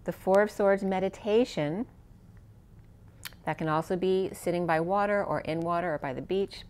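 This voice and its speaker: A woman with a slightly low voice walks through a spiritual tarot reading. She speaks softly and meanders, letting her phrases trail away, and her voice is wearing thin. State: losing her voice. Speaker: tarot reader.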